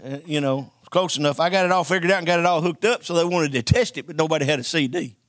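A man's voice: fairly high pitch, quick pace, fairly bright tone, no echo, clean studio sound. A man preaching a sermon, telling folksy stories and calling for amens from the congregation. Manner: call-and-response preaching, folksy storytelling.

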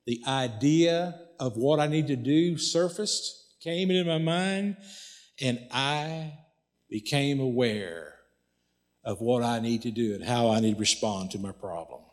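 A man's voice: mid-range voice, measured pace. Pastor, male, folksy conversational sermon delivery with lots of repetition.

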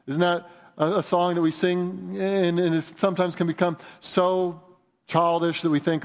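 Earnest preacher in a reverberant church. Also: male voice, high-pitched, flat delivery, normal speed. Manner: earnest, emphatic, swinging between raised and hushed delivery. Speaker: pastor. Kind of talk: sermon. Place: church sanctuary.

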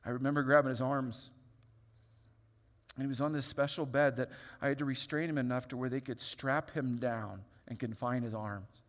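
A man in his thirties preaching a sermon, telling a personal story in a lively, open way with many restarts. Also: medium pitch, moderate pace. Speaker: pastor. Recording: long hall reverb.

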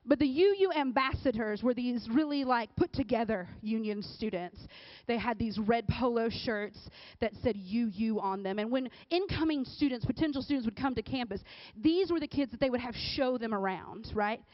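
A woman giving a casual, conversational sermon, often checking in with the crowd with a quick "right?". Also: a little high, dry recording. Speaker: speaker at a church or youth service. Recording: dull, dry recording.

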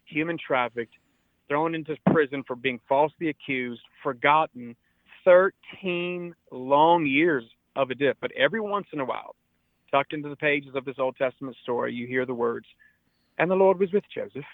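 A man's voice: medium pitch, normal speed, no echo. A man in his forties talks like a preacher, earnest and urging, and doubles back on words to press a point. His voice comes through a narrow, tinny phone line with no room sound around it. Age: 40s. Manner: earnest, exhortative, repeats words when stressing. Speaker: pastor. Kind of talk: radio interview, preaching tone.

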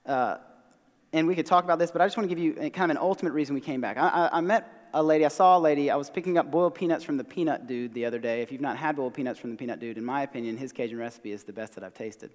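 Hoarse male preacher, Southern American accent, conversational and self-deprecating, mid-range pitch, long reverb. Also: racing. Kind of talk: sermon. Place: church sanctuary.

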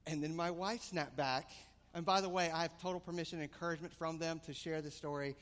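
A man preaching a sermon, telling a family story in an animated, storytelling way. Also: on the high side, fast. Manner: animated storytelling, rising excitement. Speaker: pastor. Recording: long hall reverb.

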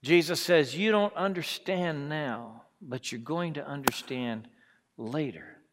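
A man delivers a sermon in a high voice, taking his time over each phrase. He swings from quiet, drawn-out lines to loud, forceful ones. The sound carries a long reverb, as if he is speaking in a large hall. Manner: dramatic, swings from hushed to loud. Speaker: preacher.

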